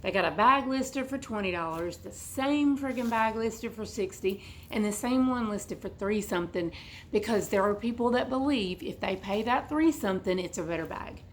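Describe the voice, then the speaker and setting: A woman with a hoarse, froggy, congested voice, chatting and rambling while she unboxes a bag at home. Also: medium pitch, expressive, moderate pace, a little hiss or hum, rough recording. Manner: rambling, chatty, goes off on tangents. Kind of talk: casual unboxing chat. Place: at home indoors.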